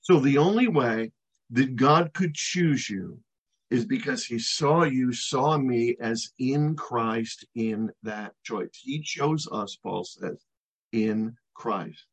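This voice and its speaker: A middle-aged man preaching an expository sermon as a pastor, emphatic, slowing down to stress key words and letting phrase endings fall nearly silent. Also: medium pitch, slightly rough, poor audio.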